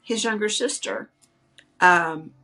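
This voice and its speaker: A woman who works as a psychic medium, telling a personal story in an earnest, animated way and acting out the people she quotes. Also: medium pitch, slow, faint music behind.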